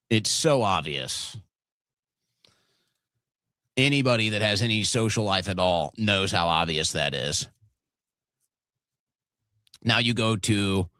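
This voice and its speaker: A man's voice: on the low side, sharp tone, no echo. A man riffing on clips with open sarcasm, his voice swinging up and down. The sound is close and dry, with no room around it. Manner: sarcastic, incredulous. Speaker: show host. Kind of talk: commentary over news clips.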